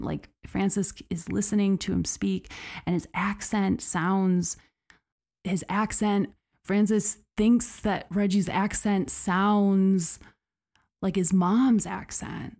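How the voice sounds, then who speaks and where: A woman's voice: medium pitch, a little mellow. A woman hosting a podcast, telling a true story in a casual, conversational way with frequent fillers. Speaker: podcast host.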